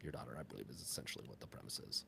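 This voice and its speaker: A man co-hosting a live gaming podcast, talking casually in a rambling, halting way full of fillers and restarts. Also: a bass voice, animated, creaky, bright, forceful tone, slightly rough, dry recording. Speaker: podcast co-host.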